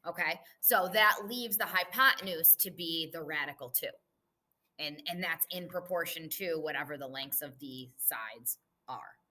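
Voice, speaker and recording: Bright-voiced woman teaching a math review. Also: sits low, moderate pace. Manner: patient, explaining step by step while writing on the board. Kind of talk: recorded math lesson review.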